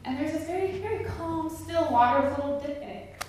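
A woman's voice: high-pitched, fairly quick. A woman telling a funny personal story on stage, chatty and giggly with lots of fillers. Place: stage at a live storytelling event. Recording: echoey hall, distant mic, background noise.

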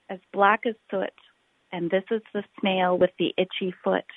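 A woman reading a children's picture book aloud, rhythmic and expressive, drawing out her phrases. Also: lowish voice, measured pace, no room sound. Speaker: storyteller. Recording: tinny phone-like recording.

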